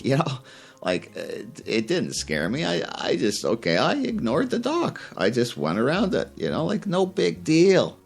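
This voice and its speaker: A man's voice: mid-range voice, wildly swooping pitch, moderate pace, creaky, breathy edge, soft background music. A man hosting a fishing podcast, rambling and heated, with many fillers and restarts. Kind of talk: casual opinion rant.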